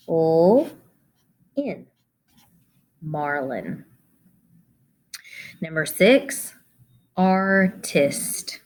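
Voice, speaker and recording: A woman teacher giving a spelling lesson to children, sounding out letters and syllables one at a time. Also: sits low.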